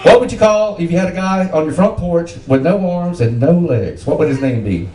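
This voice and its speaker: A man's voice: fairly high pitch, animated, moderate pace, darkish tone. A man telling dirty jokes to a small group, laughing at them himself and quizzing his listeners. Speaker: joke teller. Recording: roomy, far from the mic, faint ambience.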